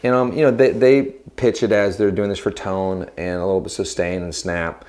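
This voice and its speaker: Um homem apresentando um vídeo de demonstração de guitarras numa loja, falando em tom de brincadeira e cheio de piadas rápidas. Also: male voice, deep voice, fairly even intonation, a little mellow. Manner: goofy, jokey, quick asides. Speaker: guitar shop video host. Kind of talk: joking banter in a gear demo.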